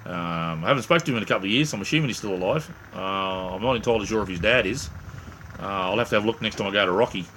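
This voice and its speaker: A man's voice: lowish voice, very fast, bright, forceful tone, a little hiss or hum. A middle-aged Australian man hosting a casual live stream, rambling and joking as he chats with viewers. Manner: rambling, chatty, jokey, with many restarts. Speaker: livestream host. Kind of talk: casual live chat reading viewer comments.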